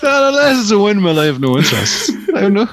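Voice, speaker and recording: Man, casual podcast chat, animated, sweary, very lively pitch. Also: quick pace, noisy background. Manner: animated, sweary, laughs a lot. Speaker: podcast co-host.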